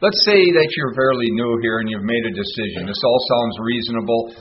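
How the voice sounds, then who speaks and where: A man's voice: mid-range voice, animated, fast. A middle-aged man leading a recovery workshop, telling his own story in an earnest, plainspoken way. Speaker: workshop leader. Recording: muffled recording with faint hiss.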